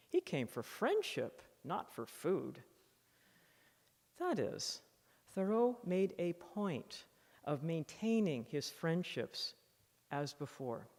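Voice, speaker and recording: A woman author giving a public lecture, reading from her book with expressive, animated emphasis at a podium microphone. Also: lowish voice. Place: lecture hall in a library museum. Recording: long reverb of a lecture hall.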